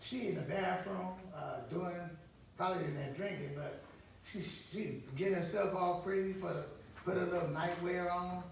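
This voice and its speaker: A man's voice: high-pitched, steady tone, moderate pace, vocal fry. A man in his fifties, a counselor, giving a rambling, vivid personal testimony in a counseling group. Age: 50s. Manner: rambling, repetitive, vivid storytelling. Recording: echoey room from far off, faint noise.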